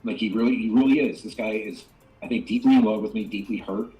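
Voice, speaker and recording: A man's voice: on the low side, fairly even intonation, fast, warm tone, faint music behind, rough recording. A man ranting indignantly on a stream clip. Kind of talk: chat on a played stream clip.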